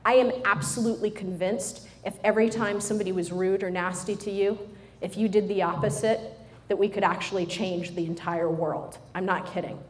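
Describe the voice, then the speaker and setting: A middle-aged woman giving a humorous motivational talk to a live audience, animated and joking as she speaks straight to the listeners. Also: mid-range voice, fairly quick. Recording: roomy hall sound with faint noise.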